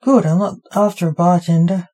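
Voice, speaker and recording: Woman narrator as a blunt, scheming male prison boss, low, slow, warm. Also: fairly even intonation, breathy edge.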